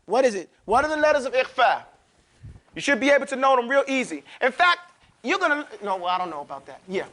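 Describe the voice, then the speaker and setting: A male teacher leads a live Quran recitation class. His voice sits very high and sounds bright and forceful. He drills students with short repeated phrases, slows way down to model each word, and slips in loose, joking asides. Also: sing-song. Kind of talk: classroom tajweed lesson.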